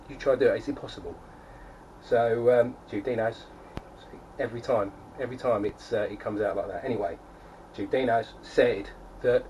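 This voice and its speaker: A man's voice: lowish voice, a little mellow. Chatty man, set back from the mic. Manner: rambling, lots of fillers and restarts, chatty. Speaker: homebrewing vlogger. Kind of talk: casual chat to camera. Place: home, beside his kegerator. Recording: distant mic, faint background noise.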